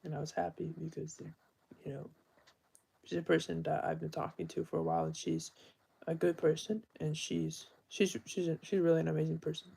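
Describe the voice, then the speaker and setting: Young male streamer, very gravelly and husky, earnest and rambling in an unscripted live-stream talk. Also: on the high side, little pitch movement, a little fast, warm tone. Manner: earnest, rambling, self-correcting.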